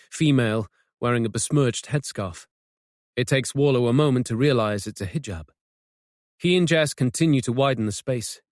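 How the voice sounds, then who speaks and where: Male audiobook narrator, mid-range, measured and suspenseful, dry close studio sound. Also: medium pitch, darkish tone, no room sound. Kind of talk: scripted narration.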